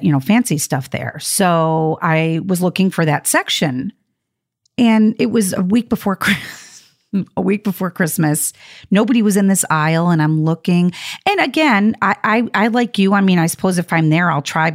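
A woman hosting a talk show, telling an indignant story in a casual chat, acting out the dialogue. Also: lowish voice. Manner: animated, indignant storytelling with laughs and acted-out dialogue.

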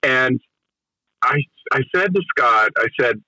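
A man with a bright, forceful voice tells behind-the-scenes stories in an interview. He talks eagerly and keeps restarting his sentences as he goes. The sound is close and dry. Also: mid-range voice, expressive, slow pace, dry recording, rough recording. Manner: enthusiastic storyteller with frequent restarts. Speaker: film director recounting a production. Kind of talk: conversational interview anecdote.

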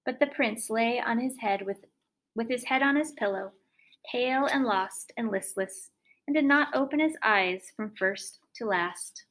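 A woman reading a fairy tale aloud in an expressive, lively storytelling manner. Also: fairly high pitch, unhurried.

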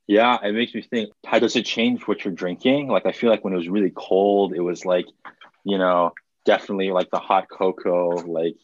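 A man's voice: deep voice, fairly even intonation, moderate pace, no room sound, muffled recording. A young man co-hosting a podcast over a video call, chatting casually and jokingly with lots of fillers. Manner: joking, rambling with many fillers. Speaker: podcast co-host. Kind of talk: casual chat.

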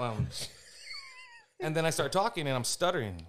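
A man's voice: a little high, moderate pace, long pauses, a little hiss or hum. A man from Texas, a film director, telling stories in a casual chat and acting out the quotes. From San Antonio, Texas. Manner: animated storyteller, acts out quotes.

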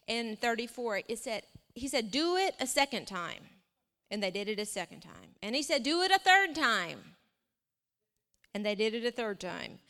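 A woman preaching a sermon, reading scripture aloud with lively asides. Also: medium pitch. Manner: animated, reads scripture aloud with asides and laughs. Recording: long reverb of a hall.

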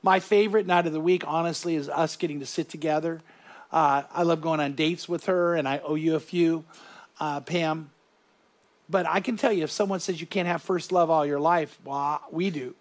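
A man preaching a sermon as a pastor to a live group, earnest and animated, often restarting and repeating himself. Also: fairly high pitch, moderate pace.

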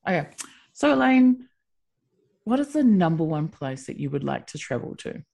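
A woman co-host with a fairly low, gravelly voice that rises and falls a lot in pitch. She reacts to her partner with quick remarks and questions in a casual chat. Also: very animated, a little mellow. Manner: responsive listener, short reactions and questions.

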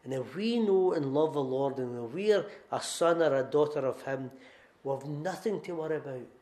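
A man's voice: a little high, normal speed, darkish tone. A middle-aged man with a Scottish accent, preaching a sermon in an earnest, emphatic storytelling way and repeating key phrases. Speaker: pastor. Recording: echoey room.

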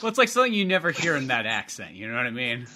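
A man's voice: medium pitch, racing. A man co-hosting a podcast in casual chat, joking around and slipping into comic voices. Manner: jokey, animated, slips into comic voices. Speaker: podcast co-host.

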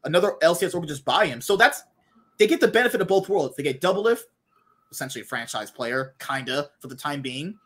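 A man's voice: on the high side, animated, fast, fairly bright tone, breathy edge. A man co-hosting an esports podcast, giving emphatic, opinionated takes in casual chat. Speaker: podcast co-host.

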